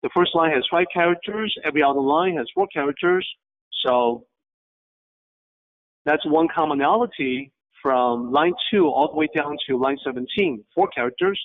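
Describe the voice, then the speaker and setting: A man leads a lesson with patient explanations, his voice sitting a little high. He talks in short, halting phrases and pauses to ask the class questions. The sound is thin and tinny, like a phone call. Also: expressive. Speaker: teacher. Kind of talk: online class lecture.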